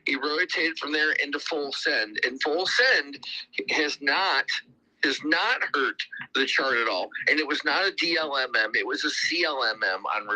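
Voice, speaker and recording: A man's voice: a little high, expressive, normal speed, pushed and bright, rough recording. A man hosting a casual crypto livestream, talking in a rambling way and often repeating his words. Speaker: crypto community host.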